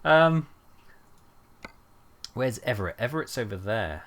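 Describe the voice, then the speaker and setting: Rambling streamer, lively voice. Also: male voice, mid-range voice, a little slow. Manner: rambling, thinking aloud with many fillers. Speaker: game streamer. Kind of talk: casual gameplay chat.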